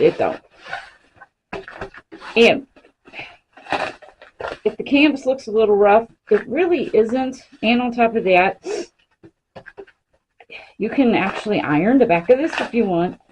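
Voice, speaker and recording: A woman's voice: medium pitch, expressive, a little slow, pauses often, darkish tone, a little hiss or hum, low-quality recording. Chatty woman doing a craft demo. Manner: chatty, talks to her pets mid-task. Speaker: crafting vlogger. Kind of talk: casual how-to demonstration. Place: home craft room.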